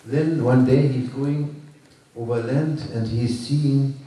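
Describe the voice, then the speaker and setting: A man telling a teaching story to a workshop group, halting and repeating himself, with moralizing asides. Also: mid-range voice, fairly even intonation, dark tone. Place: workshop room. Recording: echoey room from far off.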